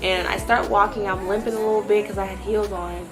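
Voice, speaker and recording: A woman in her early twenties giving an animated personal testimony and talking straight to her viewers. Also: medium pitch, fairly quick, over music. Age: early 20s. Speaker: vlogger sharing a faith testimony.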